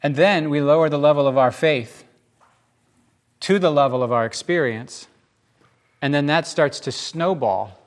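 A man preaching a sermon as pastor, with casual asides and lively storytelling in which he acts out the people he quotes. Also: on the high side, unhurried, long pauses.

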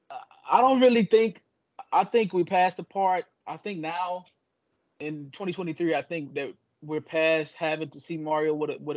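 Animated man trash-talking on a podcast. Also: on the high side. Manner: animated, boastful trash talk. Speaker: podcast co-host. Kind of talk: casual chat. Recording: dull lo-fi audio.

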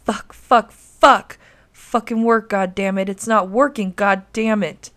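A woman voicing an enraged, brutal man who shouts and curses at his captive. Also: mid-range voice, steady tone, slow pace. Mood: furious. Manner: shouting, cursing.

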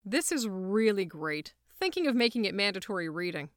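A breezy, overbearing archangel boss in a fan audio drama. The voice is bright and lively, bouncing up and down, and smooth and clear in tone. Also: female voice, on the high side, normal speed, no room sound. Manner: breezy, hearty, pushy.

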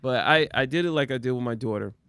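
A man's voice: mid-range voice, quick pace, a bit bright, clear, resonant tone, no echo. A man co-hosting a casual chat, a father who laughs often and teases his friend. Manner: laughs often, teasing exclamations. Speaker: podcast co-host; father of a son and daughter.

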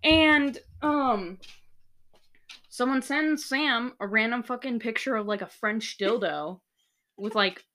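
A woman's voice: fairly high pitch, slow, pushed and bright. A young woman co-hosting a podcast, telling stories animatedly in casual chat and swearing freely. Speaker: podcast co-host.

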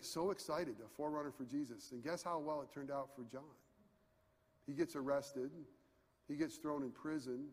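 A man preaching a sermon in a conversational, animated way, swinging from quiet asides to near shouts. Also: on the high side. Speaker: pastor. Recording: long hall reverb.

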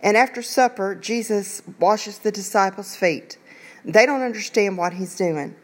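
A woman's voice: mid-range voice, measured pace. A woman preaching an informal Bible devotional, earnest and conversational, with rambling asides as she reads and explains scripture. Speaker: online preacher.

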